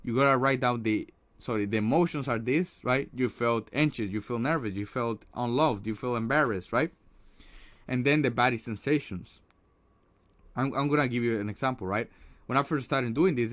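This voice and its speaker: A man's voice: mid-range voice, brisk, a bit bright. A man giving a casual motivational talk on social anxiety, earnest, with many restarts and a habit of asking "right?". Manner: earnest, repeats words, tags lines with "right?"; acts out a harsh inner critic in quoted asides.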